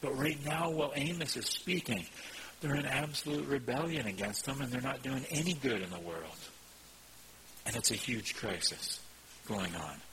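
A man preaching a sermon as pastor, teaching in an earnest, measured way and reading scripture aloud. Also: mid-range voice, sharp tone, slight background noise, rough recording.

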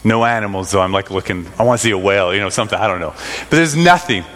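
A man's voice: fairly low pitch, very fast, fairly bright tone. A middle-aged man telling a rambling personal story to a congregation, full of fillers and restarts. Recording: long reverb of a large hall.

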